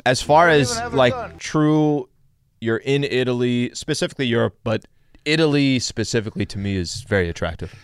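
A man's voice: mid-range voice, clean tone, dry recording, studio quality. A man co-hosting a casual chat show, teasing the others in a playful way. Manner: playful teasing, quick to laugh. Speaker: podcast co-host.

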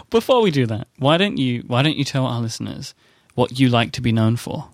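A man with a London accent hosts a podcast, brisk and upbeat as he reads the sponsor spot and chats with his guest. His voice sits at an ordinary pitch and sounds close and dry, with no room echo. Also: expressive. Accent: London English. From England. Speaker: podcast host. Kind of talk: casual podcast chat and ad read.

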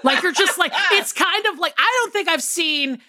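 Bright, high-voiced chatty woman. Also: normal speed. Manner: rambling, animated, swears freely, many fillers. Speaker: podcast co-host. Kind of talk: casual chat.

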